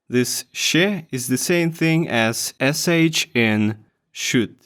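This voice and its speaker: A man's voice: mid-range voice, expressive, takes it slowly, a bit bright. A man with a Russian accent gives a pronunciation lesson, saying each sound and word twice. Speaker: language teacher.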